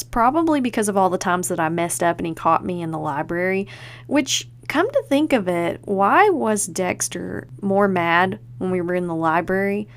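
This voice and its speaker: A woman's voice: fairly low pitch, vocal fry. A woman hosting a podcast, chatting casually and enthusiastically and leaning on fillers like "like". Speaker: podcast host.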